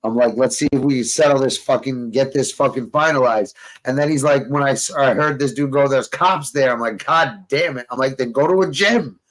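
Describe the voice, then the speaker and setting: A man hosting a rowdy podcast in an even, mid-pitched voice. He is profane and amused, and he acts out the people he talks about. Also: brisk, hardly any pauses, poor audio. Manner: profane, amused, mimics others. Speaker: podcast host. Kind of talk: casual chat reacting to a replayed call.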